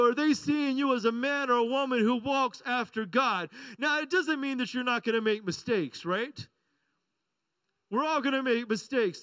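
A middle-aged man preaches with a high, bright voice. His delivery is conversational and playful, full of quick asides to the congregation. The sound is dry and close. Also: no echo, low-quality recording. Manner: conversational, joking, asks the congregation "right?" and "amen?". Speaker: pastor. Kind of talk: sermon.

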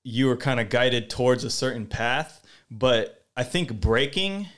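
A man hosting a casual chat, jokey and playful, asking questions in a relaxed way. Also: medium pitch, unhurried. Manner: jokey, playful, puts on silly voices. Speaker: host, interviewer.

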